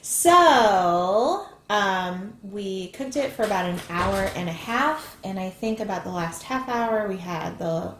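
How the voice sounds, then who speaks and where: A woman's voice: medium pitch, a little slow, few pauses, slight background noise. Chatty woman cooking in an echoey kitchen. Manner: chatty, explains steps as she goes. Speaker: cooking channel host. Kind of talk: casual cooking chat. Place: home kitchen.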